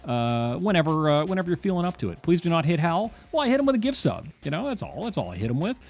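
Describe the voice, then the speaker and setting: A man's voice: fairly high pitch, sing-song, fast talker, vocal fry, darkish tone. A man chatting casually on a livestream while doing crosswords, rambling and wry, with lots of "uh" and repeated phrases.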